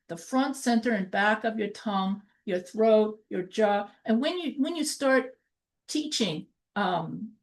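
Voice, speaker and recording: A woman teaching accent reduction in a loose, chatty way, often trailing off into asides and filling pauses as she goes. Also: mid-range voice, a little mellow. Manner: rambling, with many fillers and asides; slow, drawn-out word drills. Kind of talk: casual teaching talk.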